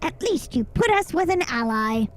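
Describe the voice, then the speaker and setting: A woman's voice: high voice, very animated, moderate pace, soft background music, voice pushed up. A woman voicing a gloomy, fatalistic male rat who intones solemnly and sometimes whispers.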